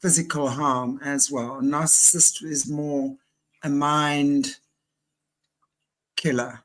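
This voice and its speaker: A man's voice: fairly high pitch, level tone, takes it slowly, a bit bright, low-quality recording. Male interview host, casual, reacts briefly and sums up the guest's points.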